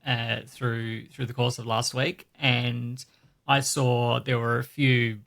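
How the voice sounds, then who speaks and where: Relaxed, self-deprecating male co-host from Australia, gravelly edge to his voice. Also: mid-range voice, takes it slowly. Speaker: podcast co-host. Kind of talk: casual chat.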